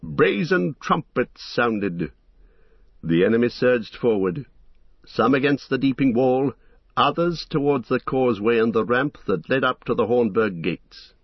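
A man narrating an epic fantasy audiobook in a measured, dramatic storytelling manner. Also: medium pitch, lively intonation, breathy edge, no room sound, lo-fi sound.

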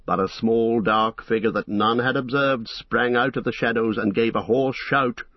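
A man narrating an epic fantasy audiobook in a measured, dramatic storytelling manner. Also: medium pitch, fairly even intonation, no echo, lo-fi sound.

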